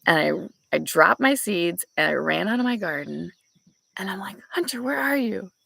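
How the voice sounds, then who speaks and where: Young woman, gravelly and husky, chatty storyteller, porch vlog with birds outside. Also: lowish voice, expressive, moderate pace, sharp tone, no echo. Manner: chatty, storytelling, laughs often. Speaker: vlogger. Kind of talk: casual chat with live viewers. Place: back porch outdoors.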